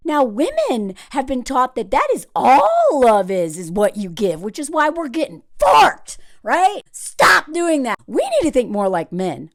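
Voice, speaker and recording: A young woman delivering riled-up, sarcastic dating commentary in a vlog. Her fairly high voice leaps up and down with emphasis, and the close recording is dry with no room sound. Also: big pitch swings, moderate pace, dry recording. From United States.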